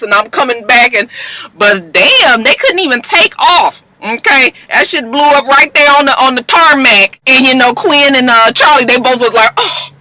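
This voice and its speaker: A woman casually recapping a TV episode in an animated, chatty way, swearing freely and acting out the characters. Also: fairly high pitch, poor audio. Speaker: TV recap YouTuber.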